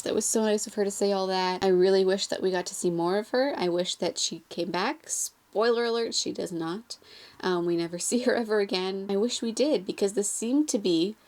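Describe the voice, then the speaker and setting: A woman's voice: mid-range voice, a little mellow. A woman casually talking through a TV episode, chatty and gushing, rambling with fillers. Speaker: TV episode reviewer. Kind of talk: casual commentary.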